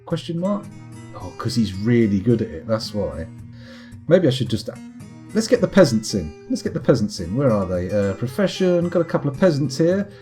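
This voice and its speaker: A man streams a game and chats with his viewers in a rambling, self-mocking, wry way. His voice rises and falls a lot, lively and full of movement. Soft guitar music plays faintly behind him. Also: mid-range voice, moderate pace. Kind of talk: casual live-stream chat while gaming.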